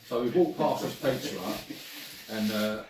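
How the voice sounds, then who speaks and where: A man's voice: medium pitch, unhurried. A man telling a blunt, grumbling story in casual podcast chat. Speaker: podcast host. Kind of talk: casual pub-style chat. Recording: roomy, distant mic, faint noise.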